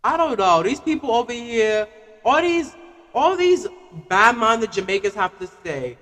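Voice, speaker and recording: A man's voice: extremely high pitch, a little slow, in a large hall. A man ranting casually on a live stream, full of "like" fillers. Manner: animated, repetitive "like" fillers.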